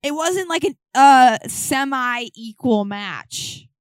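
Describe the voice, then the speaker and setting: Young woman co-host, slightly high, chatty, dry room. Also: lively intonation, takes it slowly, dry recording. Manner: chatty and hesitant, with fillers. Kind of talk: casual chat.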